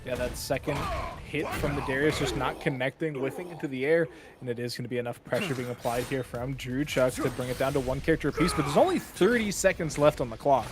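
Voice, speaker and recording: A man giving color commentary on a fighting game tournament, relaxed and analytical, with plenty of fillers. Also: mid-range voice, fast, music in the background.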